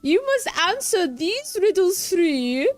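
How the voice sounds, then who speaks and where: A woman's voice: very high-pitched, big pitch swings, faint music behind, pitched above the performer's own voice, heavily acted. A woman doing a haughty wizard with a fake British accent. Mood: imperious. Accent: put-on British. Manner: grand, theatrical, drawn-out. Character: haughty wizard woman guarding her tower.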